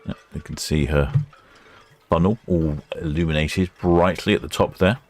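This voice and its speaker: Very deep-voiced man, chatty. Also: steady tone, normal speed. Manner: chatty, rambling, self-correcting. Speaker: live-stream host. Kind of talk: casual live commentary.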